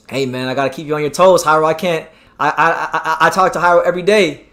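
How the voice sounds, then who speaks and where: A man hosting a live boxing stream, talking excitably, repeating himself and reading out the chat. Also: on the high side, normal speed. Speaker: boxing channel host.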